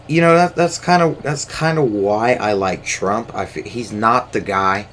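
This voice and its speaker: Young guy ranting on his podcast, deep voice, swears constantly, lots of uh and um. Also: fairly bright tone, a little hiss or hum. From United States. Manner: profane, ranting, rambling with many fillers and restarts. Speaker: podcast host. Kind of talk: casual solo rant.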